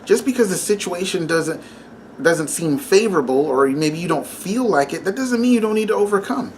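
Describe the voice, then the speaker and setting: A man's voice: sits high, expressive, moderate pace, a little hiss or hum. A man in his thirties gives a casual devotional talk, speaking conversationally with lots of fillers and laughing as he tells a story. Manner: conversational, many fillers, laughs while telling. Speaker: Christian vlogger.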